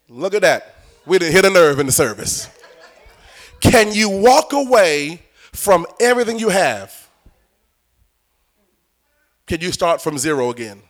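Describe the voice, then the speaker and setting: A man's voice: sits high, big pitch swings, takes it slowly, long pauses. A man preaching a sermon as bishop, asking the crowd questions and acting out little scenes.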